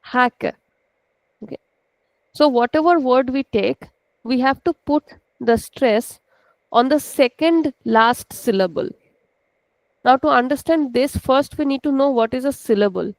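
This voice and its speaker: Gravelly Indian woman teaching online. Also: sits high, unhurried, dry recording, low-quality recording. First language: Hindi. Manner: patient, checks in often with students. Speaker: language teacher. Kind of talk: online class lecture. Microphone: video call.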